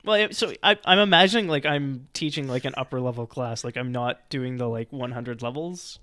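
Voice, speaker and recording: A man's voice: medium pitch, sharp tone, no echo, studio quality. A man playing a tabletop role-playing game, chatting casually with frequent fillers and restarts. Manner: chatty, halting, laughing often. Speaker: player.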